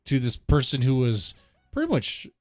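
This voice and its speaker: A man's voice: medium pitch, huge pitch swings, normal speed, dry recording. A male host interviewing a guest on a radio show, reacting often and repeating phrases. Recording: dry close mic with faint music.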